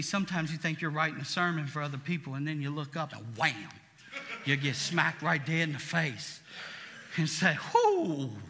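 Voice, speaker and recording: A male pastor preaching a sermon, swinging from quiet, intimate passages to shouted praise. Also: fairly high pitch, in a large hall.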